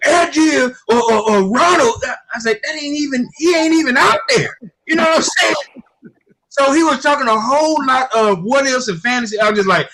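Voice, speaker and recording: High, bright rambling storyteller man. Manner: rambling storyteller, repeats "I ain't gonna lie to you". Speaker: guest commentator. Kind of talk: casual sports chat.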